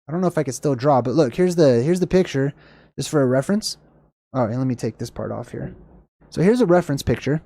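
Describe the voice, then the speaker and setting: Man, livestream host, rambling casual talk, slightly hoarse, searching for words, dry close sound. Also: mid-range voice, animated, fast talker, warm tone, dry recording. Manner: searches for words, self-correcting, apologetic. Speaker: livestream host answering chat.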